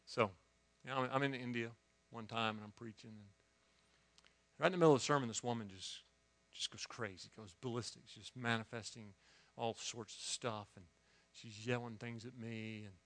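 A man is preaching a sermon and telling a story, his medium-pitched voice moving at normal speed. He swings lively from quiet asides to loud exclamations and often restarts words.

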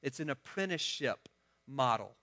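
A man's voice: mid-range voice, animated, normal speed, bright, forceful tone. A man, a pastor giving a conversational sermon and asking the congregation questions. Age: 30s.

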